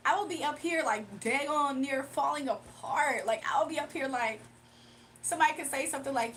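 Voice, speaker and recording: A high-pitched woman chats with her livestream viewers in a loose, animated way, laughing often as she talks. She sits a little back from the mic, and a faint hum of noise runs under her voice. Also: normal speed, far from the mic, low-quality recording. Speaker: livestream host. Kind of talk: casual livestream chat.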